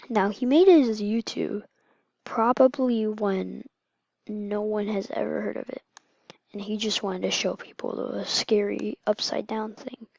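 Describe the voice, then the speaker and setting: A woman reading aloud and explaining game lore, halting and often dropping into a whisper. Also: medium pitch, vocal fry, a little mellow, dry recording, lo-fi sound. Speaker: video narrator.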